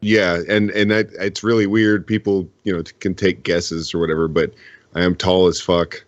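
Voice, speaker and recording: A man's voice: sits low, level tone, moderate pace, dry recording, highs cut off. A man talking loosely and profanely in a casual podcast panel chat, rambling through his points.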